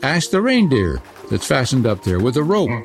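A man voicing cooing wood pigeons in a slow, sing-song way. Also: medium pitch, big pitch swings, faint music behind, pitched above the performer's own voice.

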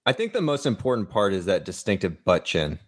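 Low-voiced, laid-back male podcaster. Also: big pitch swings, fairly quick. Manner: laid-back, swearing, hesitant restarts. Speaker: podcast co-host. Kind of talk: casual movie podcast chat.

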